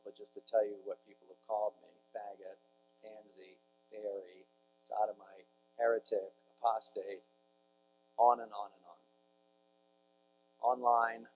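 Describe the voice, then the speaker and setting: A priest gives a conference talk to a large audience, telling stories conversationally with jokey asides to the crowd. His medium-pitched voice has vocal fry, and the audio is poor with slight background noise.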